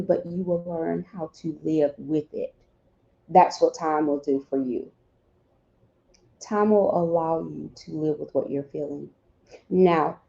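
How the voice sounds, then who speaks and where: A woman's voice: medium pitch, vocal fry, mellow, dull audio. A woman speaking earnestly and directly to grieving parents, giving advice and acting out little dialogues between spouses. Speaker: grief counselor speaking to bereaved parents.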